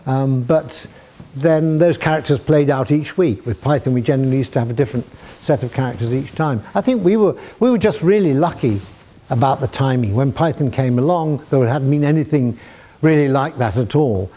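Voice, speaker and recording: A man's voice: mid-range voice, lively intonation, a little fast, mellow. An older man answering student questions in a university hall, telling anecdotes with chuckles and acting out quoted voices. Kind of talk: anecdotal Q&A storytelling.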